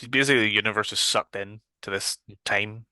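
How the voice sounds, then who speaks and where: A man's voice: lowish voice, fairly even intonation, brisk, pushed and bright, clear, resonant tone, no echo, studio quality. A man with a Northern Irish accent, co-hosting a casual horror podcast chat, swearing freely and loosely. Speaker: podcast co-host.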